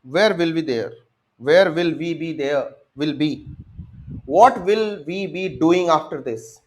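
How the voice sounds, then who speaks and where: A man's voice: fairly high pitch, slow pace. A young man with an Indian English accent, giving an exam-prep lecture and acting out students' answers as he speaks to them directly. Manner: addresses students directly, acts out their answers.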